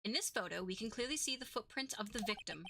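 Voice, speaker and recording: An earnest young defense attorney presses a witness point by point, read out by a woman. The voice stays high and animated. He is methodical and persistent. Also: fast talker, gravelly, slight background noise, full character voice. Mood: pressing. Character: young male defense lawyer, earnest and sharp.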